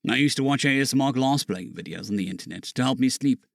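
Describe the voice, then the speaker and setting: A woman's voice: very deep voice, lively intonation, fast talker, creaky, no room sound, studio quality, voice pushed down, exaggerated voice. A woman voicing a casual, curious young man who talks with easy fillers. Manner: easygoing, hesitant with fillers.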